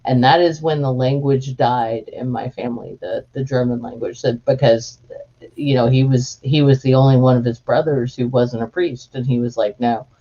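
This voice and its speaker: A woman's voice: extremely low pitch, steady tone, normal speed, dark tone. Woman host on muffled lo-fi audio. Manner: rambling, many restarts and fillers. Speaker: podcast host. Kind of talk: casual chat.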